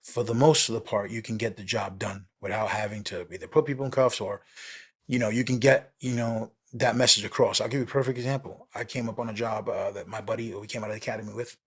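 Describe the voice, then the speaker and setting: A man's voice: on the low side, fairly even intonation, quick pace, slightly rough. A man with a New York accent, a police officer telling a story in a casual, streetwise way, acting out both sides of the conversation. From New York City.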